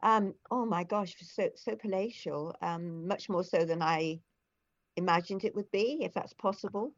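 In this conversational interview, the guest is an older woman who used to foster children. She speaks a little slowly in a lowish voice, rambling through anecdotes with lots of fillers and frequent false starts. The audio has no echo, though the high frequencies are cut off.

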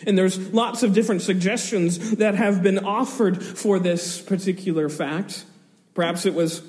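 A man's voice: high voice, a little mellow, big-room sound. A man preaching an expository sermon, retelling a scripture story vividly with chuckling asides.

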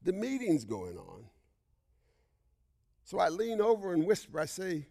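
A male pastor preaching a sermon, telling a personal story with frequent "right?" asides and swings between loud outbursts and hushed whispers. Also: sits high, huge pitch swings, a little slow, vocal fry, long pauses.

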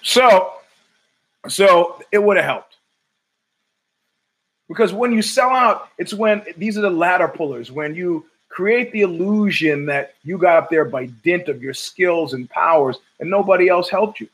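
A podcast host rants solo from his home show, profane, sardonic and full of digressions. His voice is high-pitched and fairly bright at a measured pace, and the audio is poor.

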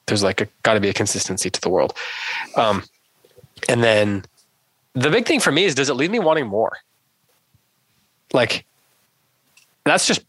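A man's voice: lowish voice, fairly bright tone, dry recording, poor audio. A man hosting a casual book discussion, talking in a thoughtful, rambling way with restarts. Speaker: podcast host.

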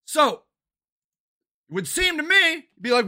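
An older man who is running for city council delivers an angry, profane monologue, often shouting. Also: very high-pitched, sing-song, slow pace, long pauses. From Ohio, United States. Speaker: city council candidate and activist.

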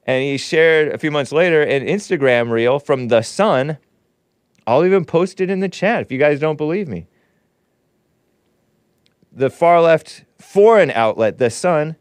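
A man's voice: medium pitch, animated, moderate pace, dry recording. A man hosting a livestream show, talking in a rambling, sardonic way with chuckling asides from his studio. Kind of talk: casual commentary. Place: home studio.

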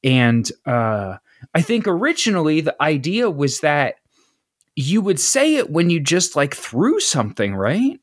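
An American man talks loosely on a podcast, circling back on himself and laughing at his own slips. His pitch leaps and dips with real animation, and the close-miked sound is dry with no room around it. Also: huge pitch swings, measured pace, no room sound. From United States. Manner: rambling, self-deprecating, laughs often. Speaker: podcast co-host. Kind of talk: casual chat.

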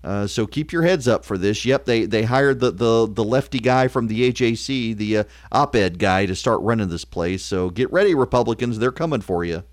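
A man hosting a call-in talk radio show, sarcastic and quick, full of uh fillers. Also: fairly low pitch, animated, no echo.

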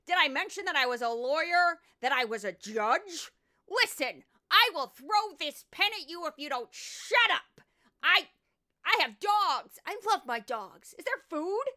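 A woman's voice: high voice, bright, forceful tone, pitched above the performer's own voice, full character voice. A woman putting on a brash, boastful older woman who is a TV judge, talking in a blustering, scattered way.

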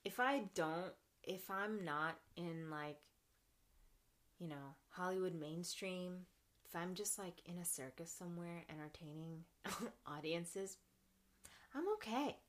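A young woman in a relaxed podcast conversation, her voice bright and forward. She is animated and laughs often, slipping into little acted-out versions of her own thoughts. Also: lowish voice, takes it slowly. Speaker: podcast guest, actress and clown. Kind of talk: casual conversational interview.

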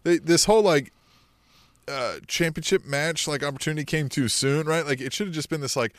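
A man's voice: on the high side, a little fast. A man with a slightly raised voice trades jokes in a wry, loose manner as co-host of a casual podcast. He keeps things light and offhand. The sound is dry, with no room echo. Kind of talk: casual wrestling chat.

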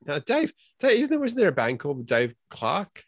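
A man's voice: on the high side, huge pitch swings, moderate pace, fairly bright tone. A man hosting a podcast in casual chat, reading listener entries aloud and often tripping over his words with a self-deprecating manner. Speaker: podcast host.

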